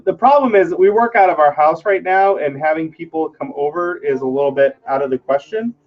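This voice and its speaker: A man's voice: on the high side, brisk, muffled recording. A man hosting a live stream from his home workshop, casually talking through his work, thinking aloud and joking about himself. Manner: chatty, self-deprecating, thinking aloud while working.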